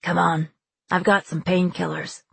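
A woman doing a low, dry-witted sailor man. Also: flat delivery, measured pace, vocal fry, fairly bright tone, husky, no room sound, heavily acted. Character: calm, dry-humored male sailor.

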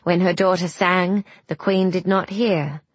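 A woman giving scripted storybook narration of a fairy tale, measured, gentle and deliberate. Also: on the low side, steady tone, dry recording.

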